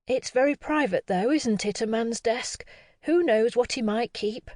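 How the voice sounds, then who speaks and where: A woman's voice: on the high side, a little slow, darkish tone, no echo, studio quality, close to an everyday voice. A woman voicing a fussy, worried older woman who speaks in a fretful, insistent way.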